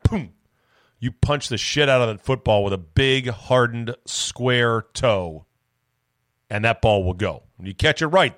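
A man hosting a solo sports podcast, talking in a rambling, animated way with profane, self-mocking asides. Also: medium pitch, dry recording, clean studio sound. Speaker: sports talk podcast host.

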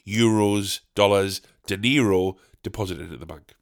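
A man's voice: fairly low pitch, a little slow. A young man, telling a sweary, self-mocking comic story as a podcast host. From northeast England. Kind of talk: comedic storytelling monologue.

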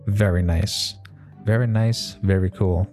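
Low-voiced man rambling casually. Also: steady tone, unhurried, over music. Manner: rambling, with many fillers and restarts; laid-back, swears casually. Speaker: mechanic. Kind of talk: casual monologue.

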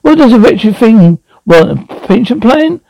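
A man's voice: extremely high pitch, very animated, a little slow, creaky, warm tone, dry recording, pitched above the performer's own voice, heavily acted, rough recording. A man reading aloud and voicing an impatient, exasperated grown man who bursts out in frustration. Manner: exasperated, raises voice in outbursts.

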